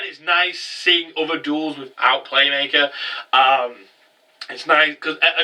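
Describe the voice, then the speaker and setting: A man giving a casual, rambling recap of an anime episode, breaking into loud incredulous outbursts. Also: fairly high pitch, recorded from a distance, low-quality recording. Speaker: anime reviewer.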